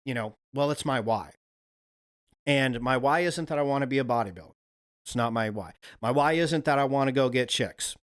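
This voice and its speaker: A man's voice: medium pitch, normal speed. A man hosting a livestream, talking in a loose, rambling, profane monologue. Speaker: livestream host.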